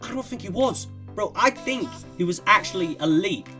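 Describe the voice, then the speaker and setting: A man in his early twenties talks through player ratings in a loose, slangy, opinionated way. His voice sits a touch higher than most men's. Music plays clearly under him. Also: lively intonation, moderate pace, pushed and bright. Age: 20s. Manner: slangy and opinionated, lots of "bro". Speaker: gaming YouTuber rating players. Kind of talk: casual rating commentary.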